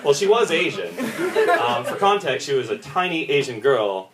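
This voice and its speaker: A young man doing stand-up, his voice swinging up and down as he acts out the people in his stories. He is heard from a distance on a phone recording in an echoing pub room, with steady noise behind him. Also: fairly high pitch. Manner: animated storytelling, acts out others' voices in quick bits. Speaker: stand-up comedian. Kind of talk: stand-up comedy set. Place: small pub comedy room with audience laughter. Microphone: phone recording from the audience.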